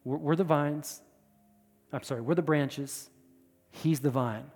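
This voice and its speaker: A man preaching a sermon with emphatic delivery, repeating words and swinging between loud and soft. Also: on the high side, unhurried, big-room sound, faint music behind. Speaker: pastor.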